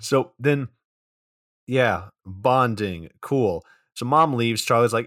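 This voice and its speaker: A man's voice: medium pitch, slow pace, a bit bright, dry recording, clean studio sound. A man co-hosting a podcast, walking through a movie's plot in a matter-of-fact way with casual swearing. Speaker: podcast co-host.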